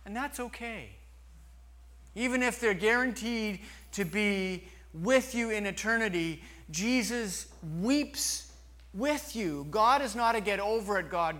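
A man preaching a sermon slowly and earnestly, with long pauses. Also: high-pitched, fairly bright tone. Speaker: pastor.

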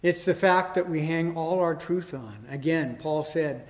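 Male preacher, emphatic, slightly higher voice, recorded in a reverberant church hall. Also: normal speed, hardly any pauses. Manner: rising emphasis, dramatic quoted mockery. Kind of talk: sermon.

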